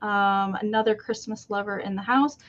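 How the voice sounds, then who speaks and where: A woman's voice: medium pitch, steady tone, moderate pace, fairly bright tone, muffled recording. A woman hosting a live online sale, chatting casually and greeting viewers one by one. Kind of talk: casual livestream chat.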